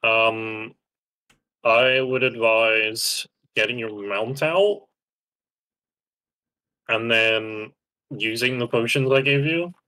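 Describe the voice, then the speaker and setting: A man's voice: mid-range voice, slow, pauses often, bright, forceful tone, clean tone. A young man streaming a video game live, bossily instructing a teammate and swearing when frustrated. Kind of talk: live gameplay chat.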